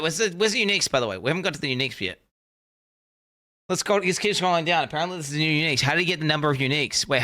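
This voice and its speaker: A young man reacts live on his stream, thinking out loud and circling back over the same points. His voice is bright and forceful, and he swears casually as he goes. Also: on the high side. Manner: excitable, thinks aloud, repeats himself, swears casually.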